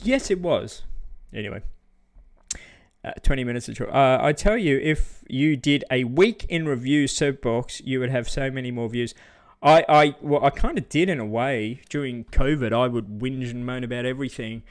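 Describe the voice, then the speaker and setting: Blunt, ranting Australian man. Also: moderate pace. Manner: blunt, ranting, mocks others in high put-on voices. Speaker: vlogger. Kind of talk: casual opinion rant.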